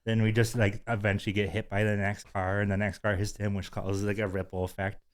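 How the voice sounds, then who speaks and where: A man's voice: fairly low pitch, flat delivery, brisk, clear, resonant tone. Giggly man telling a rambling story. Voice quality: giggly, rambling with many fillers. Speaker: podcast host. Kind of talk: casual storytelling chat.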